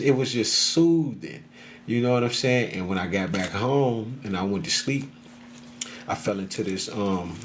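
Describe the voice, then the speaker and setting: A man's voice: lowish voice, a little hiss or hum. A man casually telling a story, rambling and profane, often laughing. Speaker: social media storyteller.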